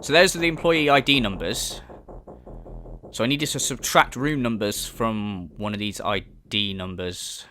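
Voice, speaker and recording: A man's voice: fairly low pitch, a little slow, pushed and bright, soft background music. A young man giving jokey, sarcastic let's-play commentary, swearing casually as he explores. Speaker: gaming YouTuber.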